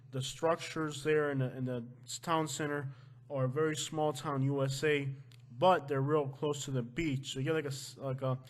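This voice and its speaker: A man from Florida hosting a casual vlog, talking loosely and breaking into loud joking outbursts at home. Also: a little high. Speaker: vlog host. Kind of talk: casual chat. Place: at home with his wife.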